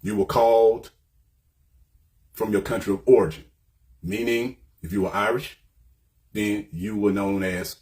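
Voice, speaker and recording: A man's voice: fairly low pitch, flat delivery, measured pace, long pauses, darkish tone. A man giving an informal lecture, explaining point by point and often checking in with "right?". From United States. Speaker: commentator.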